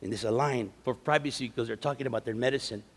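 A man giving a storytelling sermon at a men's conference, moving from easy chat to loud, emphatic preaching. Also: mid-range voice, fast talker. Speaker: conference speaker. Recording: long reverb of a large hall.

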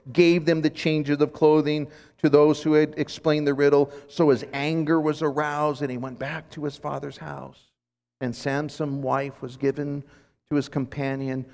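A man teaching scripture at a conference, retelling a story with lively restarts and repeated words. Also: medium pitch. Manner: animated storytelling with frequent restarts. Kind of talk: sermon. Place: conference hall. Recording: long hall reverb.

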